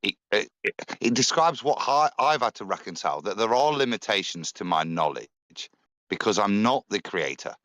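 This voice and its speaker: A man's voice: fairly low pitch, very animated, normal speed, a bit bright, no room sound. A man on a live panel, making his case earnestly and often restarting his sentences.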